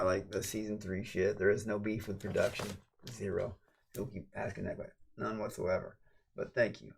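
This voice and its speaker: A man livestreaming a late-night casual chat. He rambles and swears, and swings from low mumbles to loud, excited shouts. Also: creaky, slightly rough.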